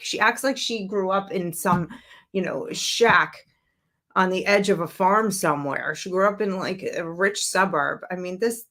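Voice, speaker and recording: Woman host, from Brooklyn, fairly low voice, blunt, sarcastic, chatty political commentary. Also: unhurried, pushed and bright. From Brooklyn, New York, USA. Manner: blunt, sarcastic, conversational with fillers.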